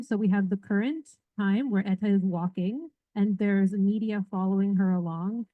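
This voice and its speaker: A woman librarian giving a casual, chatty book pitch to a live audience, talking informally and polling the crowd. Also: dry recording. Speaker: librarian defending a book in a debate. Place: public library event. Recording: dull, muffled dry audio.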